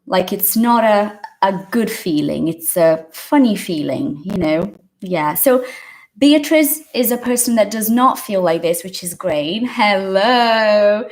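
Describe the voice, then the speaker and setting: A woman's voice: medium pitch, darkish tone. A woman teaching a live English lesson, greeting viewers by name, explaining words and asking questions in a chatty way. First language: Portuguese.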